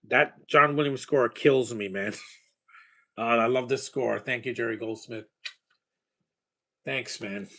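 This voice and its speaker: A man's voice: medium pitch, vocal fry, fairly bright tone. A man chatting casually while watching a movie, rambling with enthusiasm about films and their scores. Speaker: movie watcher giving reactions.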